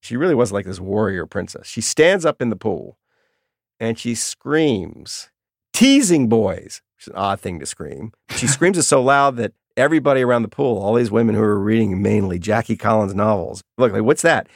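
A middle-aged man telling lively stories about his daughter as a guest in an interview. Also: fairly low pitch, normal speed, creaky, no room sound, studio quality. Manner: animated storyteller, acts out quotes. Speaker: guest, author. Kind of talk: storytelling in an interview.

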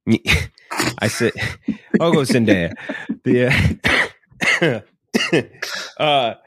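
Dry-sounding man rambling through a pitch. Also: expressive, drawn-out words, fairly bright tone, husky, dry recording. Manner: rambling, profane, pitches a film plot. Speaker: podcast co-host. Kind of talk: casual chat.

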